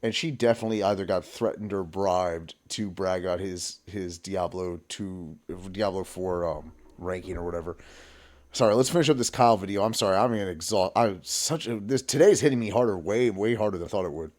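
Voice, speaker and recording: A man's voice: low-pitched, brisk, darkish tone. A man in his thirties hosting a political live stream, reacting with blunt, profane commentary. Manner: angry profane ranting.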